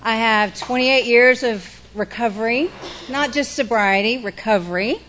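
A middle-aged woman, speaking candidly and folksily about her recovery and guiding a group through slow breaths. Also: a little high, fairly bright tone, slight background noise. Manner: candid, self-deprecating, folksy. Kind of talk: personal recovery talk with guided breathing.

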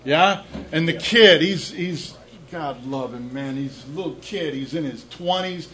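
A man's voice: fairly high pitch, a little slow, a bit bright, a little hiss or hum, poor audio. A middle-aged man telling his own recovery story to an audience, candid and self-deprecating, often repeating words as he starts a thought. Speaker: speaker sharing a recovery story. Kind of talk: personal testimony talk to an audience.

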